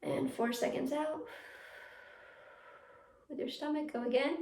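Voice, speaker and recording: A young woman teaching a youth theatre class from home, coaching the viewer through breathing warm-ups and practice lines. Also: sits high, steady tone, unhurried, slight background noise. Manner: encouraging, talks straight to the viewer, leads breathing drills. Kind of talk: virtual class to children at home. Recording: echoey room.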